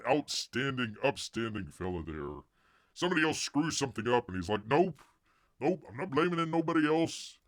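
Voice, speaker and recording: A man's voice: on the low side, a bit bright, dry recording, clean studio sound. A man hosting a casual live stream, rambling and joking, muttering asides and calling himself Bear. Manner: rambling, jokey, calls himself Bear in the third person; mutters asides under his breath. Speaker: host of a comics news live stream.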